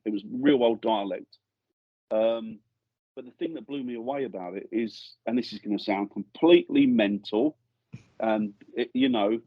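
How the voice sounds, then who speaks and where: A middle-aged man from England, lowish and a bit husky, rambles through ghost-hunting memories in a casual interview. He keeps restarting sentences. The sound is dry, with a slightly dull, lo-fi studio mic. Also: no echo. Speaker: guest ghost hunter. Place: podcast studio.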